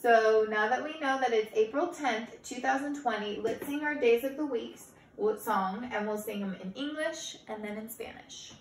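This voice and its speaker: Woman teacher doing calendar time for kids, slow, repeats words, kinda high voice, echoey room far from mic. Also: slight background noise. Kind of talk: children's calendar lesson. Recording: roomy sound from off-mic.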